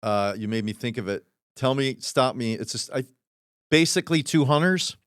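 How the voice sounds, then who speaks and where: A man's voice: mid-range voice, lively intonation, normal speed, clear, resonant tone, no room sound, studio quality. A middle-aged man from the Chicago area, guesting on a podcast and telling jokes in an easygoing way. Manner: easygoing, chuckling joke teller. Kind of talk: casual chat.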